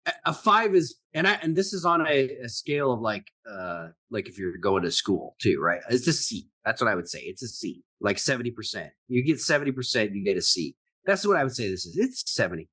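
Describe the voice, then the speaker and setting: A man talks in a casual podcast chat, animated and chatty. His pitch swings widely as he talks, lively rather than even. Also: brisk, breathy edge. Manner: animated, chatty, acts out quotes. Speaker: podcast co-host.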